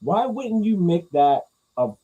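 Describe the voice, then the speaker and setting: A man's voice: high-pitched, big pitch swings, slow pace, warm tone, slightly rough, lo-fi sound. A man giving casual, profane, rambling reaction commentary as a vlogger. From New York.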